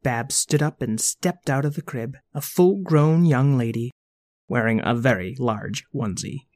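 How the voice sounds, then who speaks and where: Brief: playful narrator for a kids' story, expressive reading. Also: mid-range voice, measured pace, no echo. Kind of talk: scripted children's story narration.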